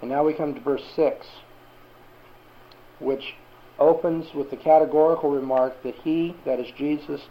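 Male Bible teacher, gravelly voice, questioning the class, dull recording. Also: on the high side, fairly even intonation, moderate pace, long pauses.

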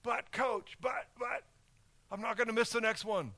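A man's voice: very high voice, fairly even intonation, moderate pace, sharp tone, voice pushed up, exaggerated voice. A man voicing a whiny, stammering young football player pleading with his coach.

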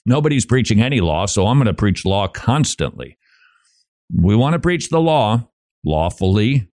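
Man, radio host, emphatic preaching, rhetorical questions, lively pitch, dry studio sound. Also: no echo.

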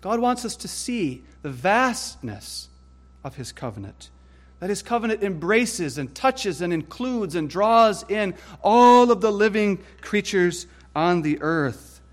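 Male preacher, slightly high voice, emphatic and deliberate sermon delivery. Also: very animated. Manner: emphatic, deliberate preaching with rising stress on lists.

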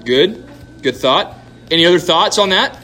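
A man's voice: high voice, expressive, normal speed, bright, forceful tone. A man leading a church question-and-answer night, teaching from scripture in an emphatic way and putting questions to the audience. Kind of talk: Bible teaching Q&A. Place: church hall.

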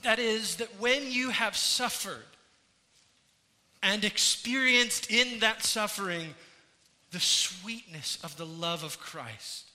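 A man's voice: sits high, takes it slowly, bright, forceful tone. A man preaching a sermon to his congregation in an earnest way that rises and falls in intensity. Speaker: pastor. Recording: church hall with long reverb.

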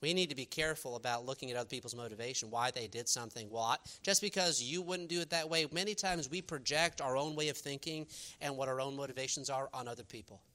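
A man preaching a sermon, animated and emphatic, quoting scripture in old-fashioned wording. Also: mid-range voice, fast. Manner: animated, rising to emphatic peaks.

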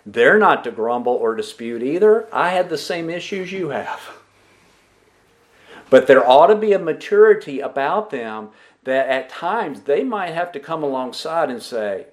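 A man preaching a sermon with a high, animated voice that climbs and falls sharply. He delivers it emphatically and keeps putting questions to the congregation, then repeating their answers back to them. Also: a little slow. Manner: emphatic preaching with lively rises and drops. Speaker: pastor.

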